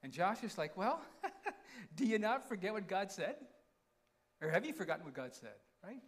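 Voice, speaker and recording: A man delivering a casual, chatty sermon. His voice is high and very lively in pitch. He keeps checking in with the congregation as he goes. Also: brisk. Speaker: pastor. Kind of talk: conversational sermon.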